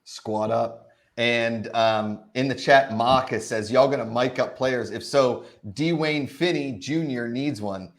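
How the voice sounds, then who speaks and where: A man's voice: medium pitch, takes it slowly. A man in his thirties hosting a casual live stream, upbeat and reading out chat questions. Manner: upbeat, hypes viewers, reads chat questions. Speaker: host.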